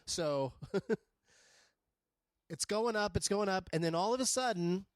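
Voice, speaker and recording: Wry laid-back man with a higher voice. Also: animated, a little slow, pauses often, dry recording. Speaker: podcast guest. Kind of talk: casual chat.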